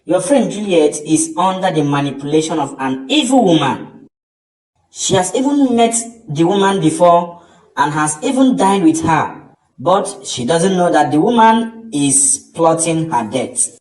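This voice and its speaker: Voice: mid-range voice, very animated, unhurried, darkish tone. A voice actor playing a solemn church pastor in a cartoon, speaking. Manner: solemn, preachy. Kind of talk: cartoon voice acting. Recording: roomy, distant mic.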